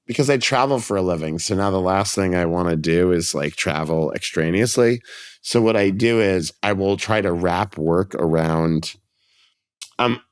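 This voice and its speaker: Chatty rambling man, lowish voice. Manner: rambling storyteller, restarts, acts out quotes. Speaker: comedian guest. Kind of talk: casual podcast chat.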